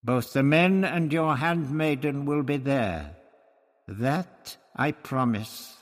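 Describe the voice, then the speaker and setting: A man reading a novel aloud in a measured, even manner. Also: on the low side, husky, clean studio sound. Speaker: audiobook narrator. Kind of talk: scripted narration. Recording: long reverberant room.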